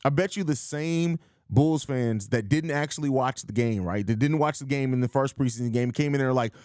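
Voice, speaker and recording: A man's voice: medium pitch, normal speed, a little mellow, no echo, studio quality. A man hosting a live post-game podcast in casual chat, blunt and emphatic, reading out viewer comments. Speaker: podcast host.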